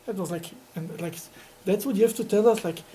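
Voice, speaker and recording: Animated rabbi teaching a Talmud class. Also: male voice, high-pitched, a little fast, a little hiss or hum, rough recording. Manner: animated storytelling, laughs often, repeats words.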